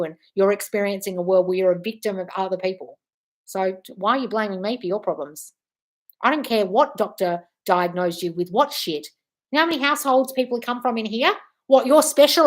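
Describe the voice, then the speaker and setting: Speaking at a medium pitch, a female manifestation coach responds to livestream comments with blunt, swear-filled replies and bursts of loud, scolding tough love.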